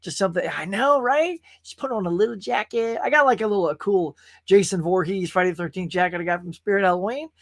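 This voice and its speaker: A man's voice: sits high, fast, few pauses, fairly bright tone, dry recording, studio quality. A man from California, host of a casual live-stream show, talking in a rambling, chatty way and reading viewers' comments aloud. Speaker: podcast host.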